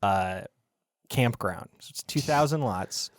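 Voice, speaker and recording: A man's voice: lowish voice, expressive, takes it slowly, no room sound, clean studio sound. A man co-hosting a podcast, telling stories in a rambling, thinking-aloud way. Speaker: podcast co-host. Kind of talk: casual chat.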